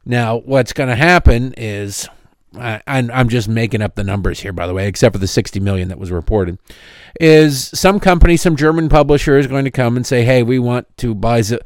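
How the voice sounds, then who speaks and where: Medium in pitch and a little fast, this middle-aged man's voice comes through at studio quality with no room sound. He's a radio host on a political talk show, launching into an opinionated monologue laced with sarcasm and tangents.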